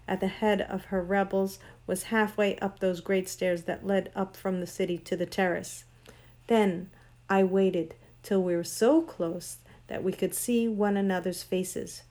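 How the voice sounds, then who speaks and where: A woman reading a storybook aloud voices an imperious ancient sorcery queen, grand, cold and commanding. The pitch sits at an ordinary middle height, and the voice is a little mellow and natural.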